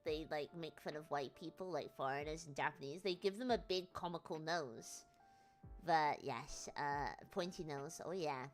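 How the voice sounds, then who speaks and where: A woman's voice: on the low side, pushed and bright. A woman VTuber streamer telling a travel story in rambling, chatty casual talk, laughing often at herself. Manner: rambling, chatty, self-deprecating with frequent laughs.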